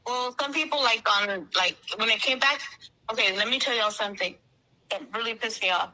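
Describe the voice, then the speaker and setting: Texan woman caller, high and bright, heated and repetitive. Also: a little fast, rough recording. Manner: swearing, repeats herself. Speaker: caller on a live stream. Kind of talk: emotional casual storytelling.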